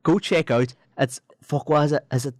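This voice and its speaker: A young Irish man co-hosting a podcast in casual chat, joking in a deadpan way and swearing casually. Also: a little high, moderate pace, no echo, clean studio sound. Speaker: podcast co-host.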